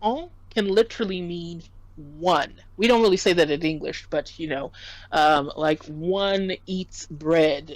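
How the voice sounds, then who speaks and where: A woman's voice: on the low side, moderate pace, no echo, rough recording. A woman tutoring French in a casual lesson, patiently explaining and spelling out words.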